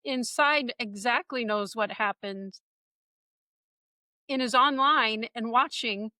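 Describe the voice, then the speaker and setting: A woman's voice: a little high, takes it slowly, sharp tone, dry recording, studio quality. A woman podcast host making reflective, faith-based comments to her guest. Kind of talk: supportive interview talk.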